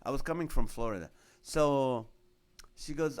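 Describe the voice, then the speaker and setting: A man's voice: medium pitch, moderate pace. A middle-aged man, a comedian hosting his own show, telling a personal story with a faith message and acting out the voices of the people in it. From Middle Eastern background. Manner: animated storyteller acting out dialogue.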